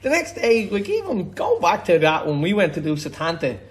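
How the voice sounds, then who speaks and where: A man's voice: high voice, normal speed. An Irish man, a former boxer, telling stories in a casual interview and acting out the quotes. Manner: animated, chatty, acts out quotes. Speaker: retired boxer, guest. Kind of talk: casual storytelling.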